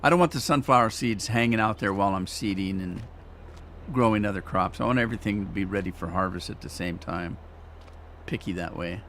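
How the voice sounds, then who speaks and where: A gaming streamer chats casually while playing a farming game live, rambling and teasing himself along the way. His voice sits on the low side, a bit bright, and brisk, with slight background noise.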